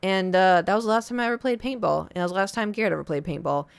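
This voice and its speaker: Animated young woman telling a story. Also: very fast, creaky, clean tone, no echo. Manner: animated, acts out other people's lines in a high voice. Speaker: streamer. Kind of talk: casual storytelling to chat.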